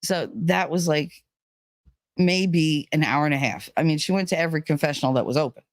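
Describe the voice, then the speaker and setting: A woman's voice: sits low, a little fast, no room sound. Woman rambling thru a story, lots of like and you know, dry close sound. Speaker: vlogger. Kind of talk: casual storytelling.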